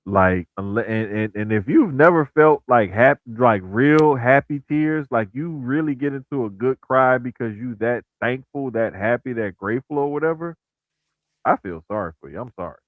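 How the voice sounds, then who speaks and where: A man's voice: medium pitch, animated, moderate pace, dry recording. A man co-hosting a casual podcast who talks in an earnest, rambling way. His voice comes through a tinny, phone-like remote line. The sound is dry.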